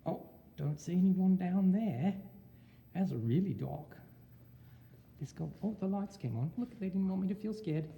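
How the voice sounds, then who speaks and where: A teacher from Texas leads a joking walking tour in a put-on Australian accent. His voice is dark, mellow and gravelly. It echoes through empty school hallways with a faint hum behind it. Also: high voice, animated, a little slow, pauses often. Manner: playful, jokey, self-deprecating asides. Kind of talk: walking video tour narration.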